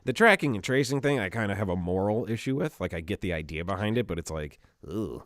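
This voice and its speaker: A man co-hosting a podcast in casual chat, telling stories in an animated, profane way. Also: fairly low pitch, fast talker, dry recording, clean studio sound. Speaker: podcast co-host.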